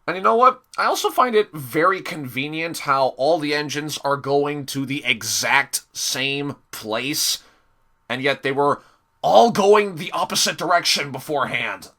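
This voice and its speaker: A young man rants through a casual review in a sarcastic, exasperated tone. He talks slowly, stopping and restarting often. His voice is bright, tense and a little high. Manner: hesitant, many fillers and restarts. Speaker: episode reviewer.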